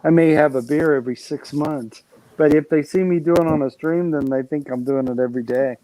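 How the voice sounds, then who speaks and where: A man's voice: fairly high pitch, a little fast, mellow, no room sound, low-quality recording. Chatty man on a dry close mic. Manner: chatty, rambling, laughs at himself. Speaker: live streamer host. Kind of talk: casual chat.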